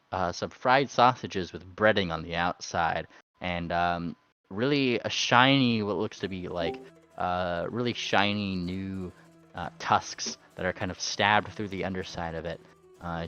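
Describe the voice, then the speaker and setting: A man's voice: low voice, a bit bright, muffled recording. A man narrating as game master for a tabletop game, hesitant with many fillers.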